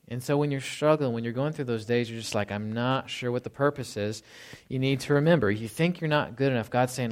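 A man preaching a sermon in a relaxed, conversational way, often checking in with "right?" and slowing down to read scripture. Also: medium pitch. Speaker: pastor.

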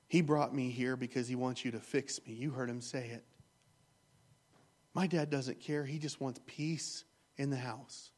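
A man quoting a troubled teenage girl in a hushed, pleading way. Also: mid-range voice, steady tone, measured pace, lightly acted. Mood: hushed, hurt. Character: upset teenage girl confessing self-harm.

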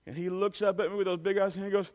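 A man telling an animated personal story to an audience, full of "you know" and "I mean". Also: sits high, rapid-fire, a little hiss or hum.

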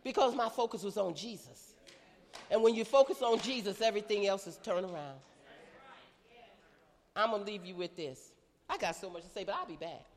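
A middle-aged woman, preaching an animated call-and-response sermon in a church. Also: medium pitch, fairly quick, pauses often, in a large hall.

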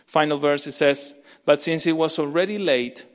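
A man preaching a sermon as pastor, impassioned, with frequent repeats and restarts, swinging between urgent loud lines and hushed ones. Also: fairly high pitch, normal speed. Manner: repeats words and restarts mid-phrase. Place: church sanctuary. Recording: long reverb of a large church.

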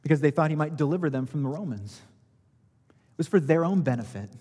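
Male pastor, conversational preacher, slightly raised register, husky tone, reverberant church hall sound. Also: on the high side, animated, fairly quick, mellow. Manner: conversational, explains by analogy, swells in emphasis. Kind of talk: expository sermon.

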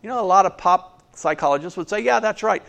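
A man's voice: high voice, quick pace, creaky, fairly bright tone. A man preaching a sermon in a conversational way, often checking in with "okay?" and adding wry asides. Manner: conversational, keeps asking "okay?". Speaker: pastor.

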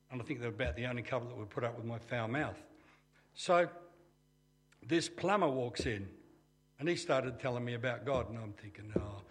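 An older man with an Australian accent telling his personal faith story in a plain-spoken, conversational way with dry humor. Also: medium pitch. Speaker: testimony speaker.

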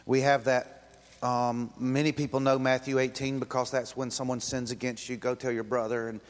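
A pastor, a man, preaches in a loose, conversational way, slipping into quoted voices. His voice sits at an ordinary middle pitch. The sound carries a long reverb from the church hall. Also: level tone, normal speed. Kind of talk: sermon.

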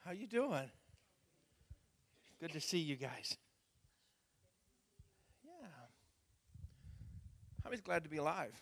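A middle-aged man preaching as a pastor, chatting in a folksy way before reading scripture in a measured voice. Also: fairly high pitch, big pitch swings, a bit bright. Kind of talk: sermon. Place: church sanctuary. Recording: church hall reverb.

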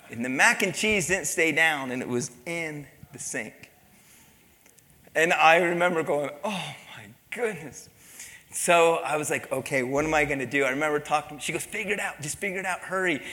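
A man's voice: on the high side, pushed and bright, long reverb tail. A man preaching a sermon as pastor, telling a personal story with mimicked voices and laughter.

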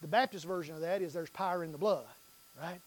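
A man preaching a revival sermon, swinging from low, quiet lines to loud, drawn-out bursts. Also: dry recording. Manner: preaching with sudden loud, high-pitched surges and drawn-out phrases.

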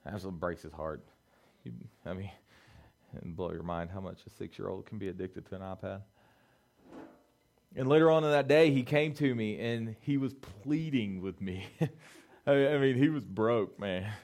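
A man's voice: lowish voice, moderate pace, long pauses, a little mellow. A middle-aged man preaching to young people as a youth pastor, talking casually and building to fervent urging, often saying "man" and "listen.". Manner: conversational, rising to fervent urging; peppers speech with "man" and "listen". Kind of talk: sermon.

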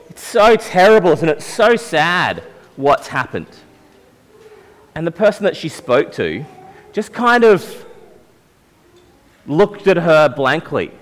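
A young man giving a gentle, conversational sermon to young people as their pastor, with many fillers. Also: a little high. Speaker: youth pastor. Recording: long hall reverb.

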